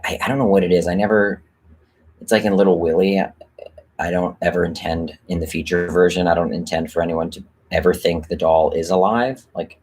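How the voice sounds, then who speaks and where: A man with a notably low voice and a slightly husky texture, chatting on a live stream about his writing. He talks in a loose, rambling way, full of fillers and offhand swearing. His delivery is candid and unpolished. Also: a little mellow. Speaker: screenwriter hosting a live stream. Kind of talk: casual livestream chat.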